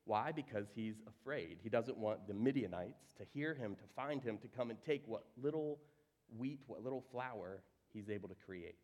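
A man preaching a sermon, reading scripture aloud and acting out the characters with sudden jumps in pitch and volume. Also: normal speed. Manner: animated, acts out quoted voices with big swings in pitch and volume. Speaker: pastor.

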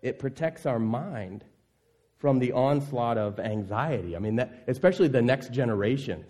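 With lively intonation and a moderate pace, a pastor preaches an earnest sermon. He asks his congregation questions and lets his voice drop soft and low on the key words.

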